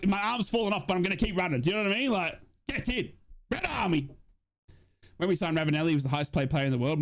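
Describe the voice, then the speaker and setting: Young male fan-commentator, slightly high voice; excitable, rambling, mixes play-by-play with chat replies. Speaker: football watch-along host.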